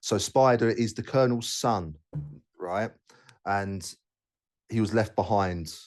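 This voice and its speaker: A man's voice: lowish voice, takes it slowly, darkish tone. A man hosting a casual podcast chat, talking bluntly and rambling with many restarts. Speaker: podcast host.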